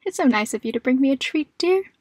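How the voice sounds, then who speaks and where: A woman's voice: high-pitched, lively intonation, fast talker, darkish tone, no room sound, voice pushed up. A frail, doting old woman with a thin, raised voice, chatting sweetly and fondly, as a woman narrator puts her on. The voice is dry and close, with no room around it. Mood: chatty.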